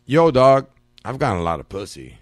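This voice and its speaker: A man's voice: medium pitch, sing-song, fairly quick, no echo. A man hosting a podcast, telling profane, slang-heavy stories in casual chat. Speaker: podcast host.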